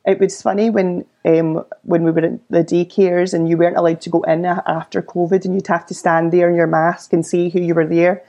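A woman's voice: fairly low pitch, little pitch movement, brisk, few pauses, dark tone, highs cut off. A Scottish woman in her thirties, chatting as a podcast guest and acting out the voices of people in her stories. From Scotland. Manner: chatty storyteller who acts out quoted voices. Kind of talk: casual interview chat.

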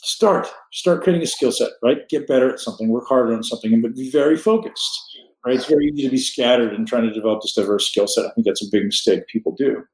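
A man's voice: mid-range voice, quick pace, darkish tone. A man hosting a podcast, giving blunt, emphatic motivational advice. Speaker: podcast host. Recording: roomy echo.

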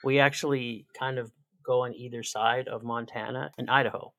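A chatty Canadian man with a gravelly, fry-edged voice, joking and sarcastic as a podcast guest. He sounds close and dry, with no room around him. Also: medium pitch, fairly even intonation, moderate pace, pushed and bright, no room sound. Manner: chatty, sarcastic, laughs often. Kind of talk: casual chat.

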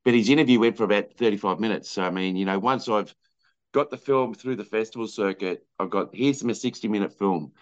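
Rambling man, low voice. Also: fairly quick, muffled recording. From Australia. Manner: rambling, many fillers and restarts, acts out quoted people. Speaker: filmmaker guest. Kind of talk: casual interview chat.

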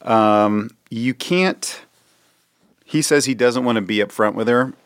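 A man's voice: medium pitch, slow pace, no room sound, studio quality. A man who is a comedian guest on a podcast, chatting casually and jokingly, rambling with frequent restarts.

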